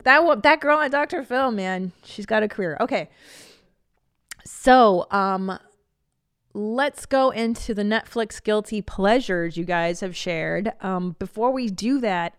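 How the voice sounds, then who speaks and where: A podcast host in her forties delivers a casual, comedic monologue, profane and chatty, laughing often. Her medium-pitched voice is unhurried and clean, in a dry recording with clean studio sound.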